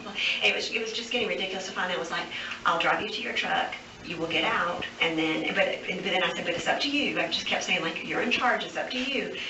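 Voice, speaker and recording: A woman's voice: lowish voice, vocal fry. Rambling woman in an echoey interview room. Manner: rambling nonstop, many fillers. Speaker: woman giving a statement to police. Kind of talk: recorded police interview. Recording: echoey, distant, noisy interview room recording.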